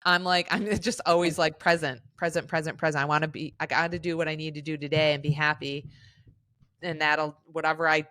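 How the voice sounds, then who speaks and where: A woman talking casually and reflectively in a conversation, calm and agreeable. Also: deep voice, brisk, no echo. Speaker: conversation partner.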